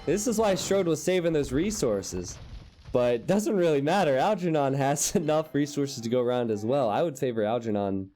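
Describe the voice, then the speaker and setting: A young man casting a strategy game live, excitable and quick to jump into high shouts at big plays. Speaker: game caster.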